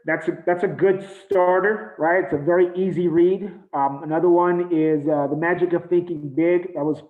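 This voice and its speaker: Guy giving a motivational team training on a call, earnest, lots of ums, tinny echoey audio. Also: high voice. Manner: earnest, halting, many fillers.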